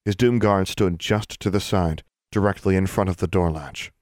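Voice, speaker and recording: A man reading a story aloud as audiobook narrator, in a steady, measured voice. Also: low-pitched, no echo, studio quality. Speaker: audiobook reader.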